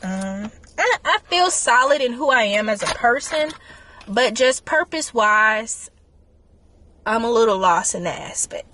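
A woman's voice: on the high side, animated, a little slow, sharp tone, a little hiss or hum. A young woman vlogging casually, rambling candidly and emotionally and sometimes talking to herself. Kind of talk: casual reflective vlog chat.

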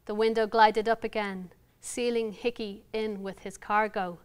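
An Irish novelist with a medium-pitched, steady voice reads her work aloud at a measured pace, then takes audience questions with candid, wry self-deprecation. The tone is clean, and she's in a university lounge before an audience.

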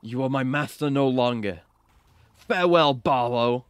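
A man's voice: medium pitch, lively intonation, normal speed, no room sound, close to an everyday voice. Male streamer voicing a bitter young rival, accusing, dry sound. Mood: defiant. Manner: heated, accusing reading of game lines.

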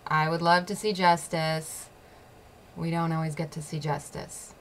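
A woman's voice: deep voice, little pitch movement, a little slow, slight background noise. A woman hosting her own show, telling a personal story in a blunt, profane way and laughing often. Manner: repeats phrases for emphasis. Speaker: show host.

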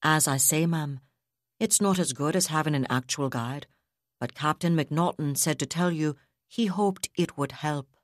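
A woman's voice: low voice, moderate pace, no room sound, studio quality, lightly acted. A woman voicing an apologetic young male officer who speaks politely.

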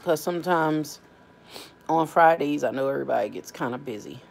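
A woman's voice: low voice, a little fast, vocal fry. A tired, yawning woman hosting a casual family live stream from home, talking informally with lots of fillers. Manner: drawling, informal, many fillers. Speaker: family channel host.

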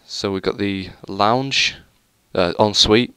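Slow and on the low side, his voice is bright, forceful and smooth, with no echo. A young gaming YouTuber, he tours a game world in a casual let's play, rambling self-deprecatingly and leaning on hesitant fillers.

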